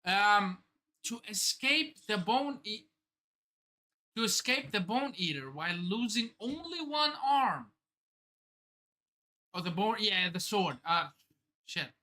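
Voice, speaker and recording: A woman's voice: medium pitch, sing-song, slow, long pauses, bright, forceful tone. A woman hosting a live manga reaction stream, thinking aloud, exclaiming, swearing and laughing as she reads. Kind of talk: excited live reaction commentary.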